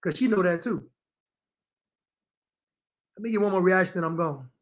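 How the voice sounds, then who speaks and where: A man's voice: sits high, moderate pace. A man giving opinionated reaction commentary to viewers, repeating his points and addressing them directly. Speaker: commentary streamer.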